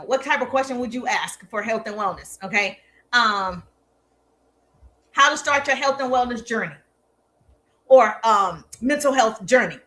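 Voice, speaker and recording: A woman's voice: sits high, sharp tone. A woman marketing coach giving an emphatic, playfully sarcastic motivational lesson. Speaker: social media marketing coach. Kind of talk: live motivational teaching talk.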